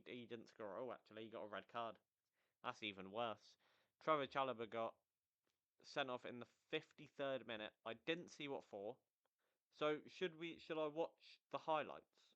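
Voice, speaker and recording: A man's voice: mid-range voice, pushed and bright, clear, resonant tone. A young man hosting a football podcast in casual, rambling chat, close to the mic, often mocking himself and tripping over his words. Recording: slightly dull lo-fi mic.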